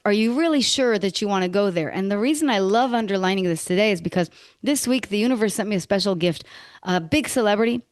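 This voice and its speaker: Woman coach hosting, talks thoughtfully, mid pitch, dry mic. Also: no echo. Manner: warm affirmations, reflective, quotes philosophers. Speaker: podcast host and coach. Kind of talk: interview conversation.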